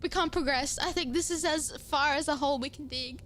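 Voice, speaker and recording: A young adult woman with an Australian accent, chatting casually while streaming a game, excitable and quick to swear and shriek when frightened. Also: high voice. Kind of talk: casual gaming commentary.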